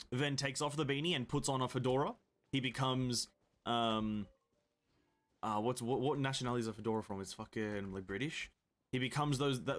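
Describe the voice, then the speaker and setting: A young man chats loosely to his live-stream audience while he plays. He rambles from one joke to the next and reads viewer comments aloud, his pitch sitting in an ordinary middle range. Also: fairly bright tone. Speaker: game streamer. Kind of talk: casual live-stream chat.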